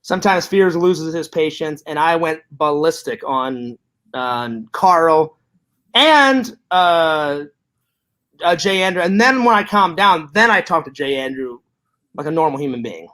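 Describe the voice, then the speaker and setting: A man with a high-pitched voice rambles through stories and apologies in casual podcast talk. He stops and restarts often, leaning on fillers as he goes. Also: animated, sharp tone. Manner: rambling, halting storytelling with many fillers. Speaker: podcast co-host. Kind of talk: casual chat.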